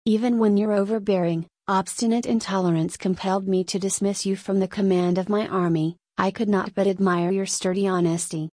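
A calm and ironic king, voiced by a woman reading the story aloud, speaks in a slow, measured, deliberate way. His voice sits at an ordinary middle pitch. The sound is dry, with no room around it. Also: dry recording, natural voice. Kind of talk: audiobook reading.

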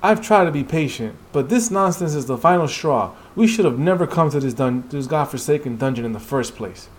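A man's voice: fairly high pitch, expressive, fairly quick, close to an everyday voice. A man voicing a furious male hunter who is fed up and quitting. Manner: shouting, fed up.

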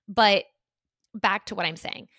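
Brief: podcast host, woman in her thirties, rambling and chatty, bright tone, dry close sound. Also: mid-range voice, a little slow, no echo. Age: 30s. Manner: chatty, rambling, many fillers. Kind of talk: casual storytelling chat.

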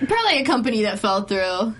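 A woman's voice: mid-range voice, very animated, fairly bright tone, a little hiss or hum. Bubbly gossipy woman co-host. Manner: bubbly, gossipy, quick to laugh. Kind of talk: casual panel chat.

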